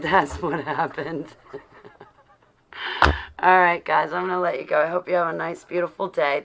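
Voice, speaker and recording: A woman's voice: low-pitched, vocal fry. A woman hosting a casual livestream, chatting to her viewers and muttering to herself as she looks for something. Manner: flustered, talks to herself while searching; affectionate shout-outs to viewers. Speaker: livestream host.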